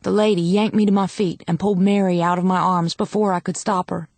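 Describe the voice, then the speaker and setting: A woman narrating a dramatic audiobook in a measured first-person reading. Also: on the low side, steady tone, darkish tone, dry recording.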